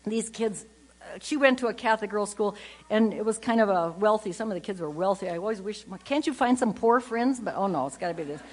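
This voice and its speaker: An older woman gives a humorous, animated storytelling talk at a conference. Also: mid-range voice, fairly quick. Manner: animated, chatty, acts out family anecdotes. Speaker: conference speaker.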